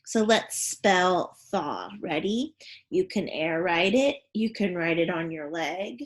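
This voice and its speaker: Teacher voice: woman, very slow and lively, spells out sounds for kids. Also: on the low side. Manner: slow, clear, sounding out letters and prompting questions. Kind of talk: phonics lesson for young children.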